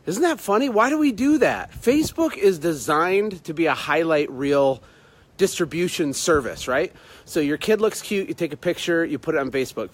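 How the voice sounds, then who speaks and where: Casual male livestreamer, slightly high voice, loose and conversational, phone mic outdoors at night. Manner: conversational, repeats himself, greets viewers by name. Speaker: business motivational speaker. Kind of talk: casual Facebook Live talk.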